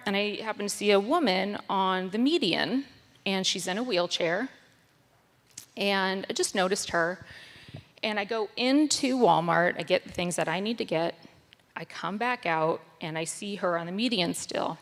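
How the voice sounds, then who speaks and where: A woman, a church member, sharing a personal testimony in an earnest, halting way with many fillers. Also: mid-range voice. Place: church sanctuary. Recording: long reverb of a church hall.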